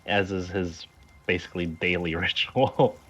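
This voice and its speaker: A man's voice: low-pitched, measured pace, fairly bright tone, muffled recording, faint music behind. A man playing in a tabletop game, describing his character's actions in a hesitant way with many ums and uhs. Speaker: player.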